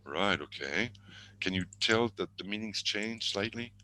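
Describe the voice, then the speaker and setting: Deep bright-toned man teaching online. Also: lively intonation, measured pace, low-quality recording. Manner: thinking aloud, self-correcting, murmured asides. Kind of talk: online exam-prep lesson.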